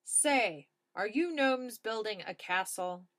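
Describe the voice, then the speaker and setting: A woman voicing a blunt, suspicious policeman who questions people in short, loud lines. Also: medium pitch, animated, takes it slowly. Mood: stern.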